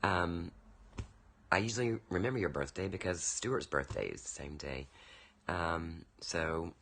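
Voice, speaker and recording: A man's voice: deep voice, measured pace, a bit bright. A man recording a casual birthday video message for a friend, telling rambling anecdotes with lots of fillers into a webcam.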